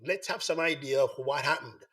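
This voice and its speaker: Male host, hoarse flu voice, fairly high pitch, live online talk show, repeats his appeals to viewers. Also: fairly quick, a bit bright. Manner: repetitive, coaxing appeals to viewers.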